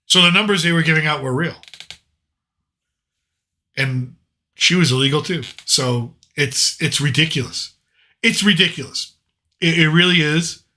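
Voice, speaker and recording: Casting: American male host, very bright, edgy voice, rambling anecdotal delivery. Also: a little high, a little slow, long pauses. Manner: rambling anecdotal, frequent restarts and quoted dialogue. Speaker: podcast host. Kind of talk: casual storytelling chat.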